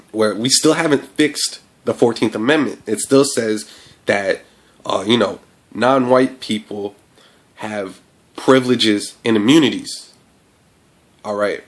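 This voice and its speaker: A man's voice: mid-range voice, a bit bright. A man from the United States giving an impassioned, profane monologue as a vlogger, full of fillers and restarts. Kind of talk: ranting monologue to camera.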